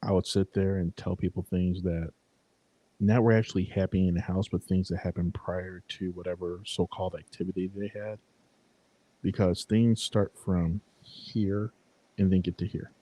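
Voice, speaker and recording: Man with a very deep, dark husky voice. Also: normal speed, no room sound, rough recording. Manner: relaxed, rambling, casual swearing. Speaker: paranormal investigator. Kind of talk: casual chat.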